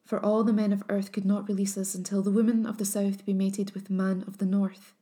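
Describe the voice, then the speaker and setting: A young princess under a swan enchantment, grave and formal in her speech, as a woman reads her. Her voice is soft and mellow, with a warm, low glow. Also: level tone, a little fast, close to an everyday voice.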